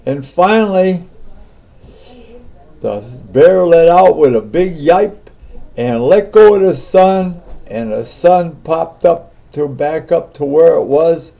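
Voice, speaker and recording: A man telling a folk tale in an unhurried way, with fillers and restarts, on a dull lo-fi recording. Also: high-pitched, dark tone. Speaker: storyteller. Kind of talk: oral folk storytelling.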